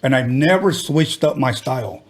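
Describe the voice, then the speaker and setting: A man's voice: mid-range voice, lively intonation, normal speed. A man hosting a podcast, talking bluntly and animatedly in casual chat, swearing freely. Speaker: podcast host.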